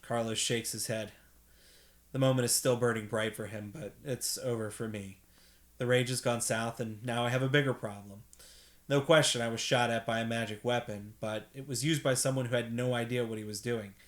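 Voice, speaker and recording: A man reading a novel aloud at bedtime in a steady first-person narration, with an occasional slip. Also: medium pitch, moderate pace. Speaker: reader, host.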